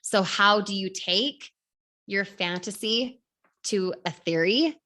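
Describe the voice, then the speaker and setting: A woman in her thirties coaching an online class, energetic, firing rhetorical questions at the audience. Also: mid-range voice. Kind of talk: motivational class talk.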